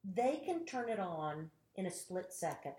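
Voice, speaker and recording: Animated actress telling stories, roomy sound. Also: female voice, lowish voice, measured pace. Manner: animated storyteller, acts out quotes. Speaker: actress, interview guest. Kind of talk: casual interview storytelling.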